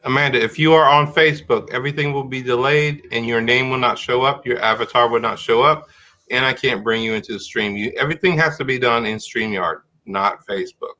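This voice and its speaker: A man's voice: mid-range voice, steady tone, fairly quick, bright, forceful tone, muffled recording. A middle-aged man hosting a live-streamed talk show in casual chat, rambling and restarting his sentences as he thinks aloud.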